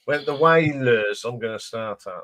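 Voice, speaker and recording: A British man hosting a live stream, replying in an easygoing, soft-spoken way. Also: mid-range voice, normal speed. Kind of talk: casual chat.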